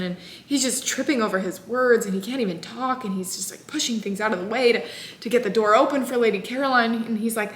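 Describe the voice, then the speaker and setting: A woman in her twenties casually recapping a novel in an animated, exasperated way, full of "like". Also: a little high, brisk. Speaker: book vlogger. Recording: echoey room.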